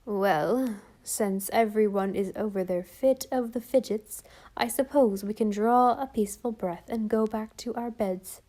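A fussy, shrewish old aunt complains in a plaintive, put-upon tone, as a woman narrator reads her. Her voice is mellow and warm. It is a storybook audiobook reading. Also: mid-range voice, measured pace, lightly acted. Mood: peevish.

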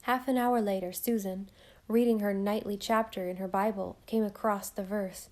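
A woman reading a novel aloud in calm, even storytelling narration. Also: mid-range voice, normal speed. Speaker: audiobook narrator. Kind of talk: scripted narration.

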